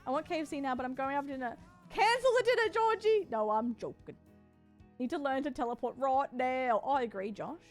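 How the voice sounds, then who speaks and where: A bubbly woman chatting to her stream viewers in a playful, casual way. Her voice sits fairly high, with faint music running in the background. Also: a little fast. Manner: bubbly and playful, talks to chat. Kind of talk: casual sponsored livestream chat.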